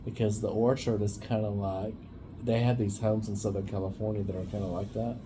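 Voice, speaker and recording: Laid-back guy musing out loud next to his wife, lowish voice, noisy room. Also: flat delivery, fairly quick. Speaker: co-host husband. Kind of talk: casual chat.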